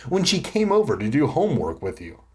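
A reader voicing a friendly, lonely invisible twelve-year-old boy who talks in a quick, easygoing way. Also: medium pitch, wildly swooping pitch, darkish tone. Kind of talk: audiobook reading.

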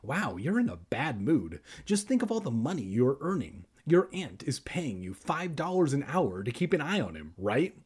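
A man's voice: medium pitch, sing-song, normal speed, few pauses, a little mellow, husky. A man voicing a wisecracking girl who teases her friend. He reads it aloud from a storybook. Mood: teasing. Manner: teasing, joking.

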